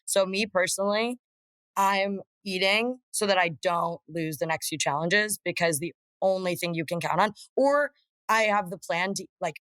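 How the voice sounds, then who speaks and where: A woman guest on a podcast, chatting casually with quick, emphatic talk and frequent laughs. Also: on the low side, a bit bright, no room sound. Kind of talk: casual chat.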